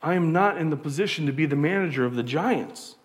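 A pastor, preaching a conversational sermon full of rhetorical questions. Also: male voice, fairly high pitch, animated, brisk.

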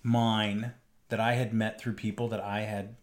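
A man's voice: fairly low pitch, level tone, measured pace. A man, a podcast co-host, steering a casual chat and prompting the other host's stories.

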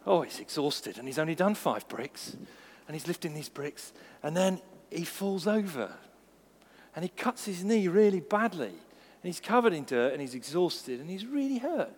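A man preaching a sermon, lively and acting out the voices in his stories. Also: a little high, moderate pace, a little hiss or hum. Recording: long reverb of a church hall.

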